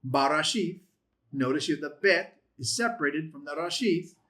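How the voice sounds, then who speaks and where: A man's voice: fairly high pitch, moderate pace, a bit bright. A man teaching a Bible language class in a conversational, encouraging way, joking with his students. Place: church classroom.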